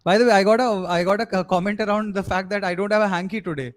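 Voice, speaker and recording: This young Indian host of a live sports podcast has a high-sitting voice and talks quickly in Indian English. The chat is casual and rambling, packed with fillers, and he switches into Hindi now and then.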